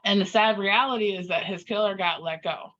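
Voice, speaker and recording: Woman, podcast guest, earnest storyteller, animated, mid-pitched, slightly muffled lo-fi audio. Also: fairly quick. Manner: earnest, animated, acts out inner dialogue. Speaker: podcast guest, life coach. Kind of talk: conversational interview storytelling.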